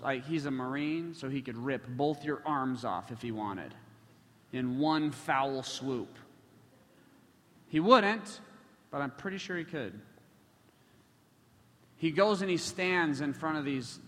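A man's voice: on the high side, sharp tone. A man preaching a sermon in a passionate way, with frequent surges in volume. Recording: echoey hall.

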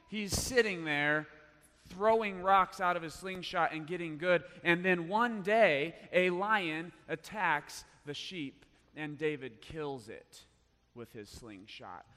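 A man preaching a sermon, telling a story with big swings between loud bursts and hushed lines. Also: high-pitched, expressive, takes it slowly. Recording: long hall reverb.

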